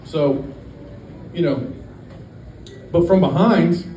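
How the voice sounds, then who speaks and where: A man doing a stand-up set in a brewery, deadpan and rambling, with lots of fillers. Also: a little high, very slow, slight background noise. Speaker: stand-up comedian. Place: brewery stage. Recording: echoey room, distant mic, faint ambience.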